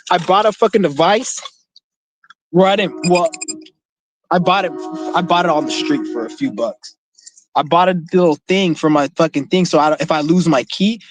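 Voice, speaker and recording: A man's voice: high-pitched, rough recording. A man vlogging in casual chat, rambling and swearing a lot and often restarting his sentences.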